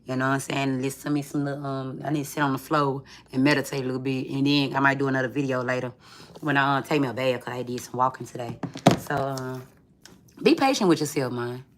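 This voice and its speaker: A woman's voice: a bass voice, steady tone, fast, slight background noise. A woman giving a tarot reading in casual, chatty talk, swearing freely and calling the viewer friend. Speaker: tarot reader.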